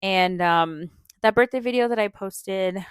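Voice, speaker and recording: Speaking at an unhurried pace in a mid-range, clean-toned voice, a young podcast host shares a personal story. The recording is studio quality without any room sound. Her delivery is chatty and earnest, openly emotional, sprinkled with "like," "um," and small laughs.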